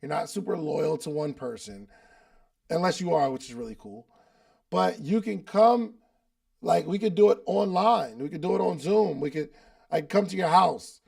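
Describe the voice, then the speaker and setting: This podcast host and business coach is leading a live online coaching call, speaking at a normal pace in a raised, slightly mellow voice with heavy gravelly fry. His casual talk is loose and chatty, full of slang, and he repeats lines to hammer points home.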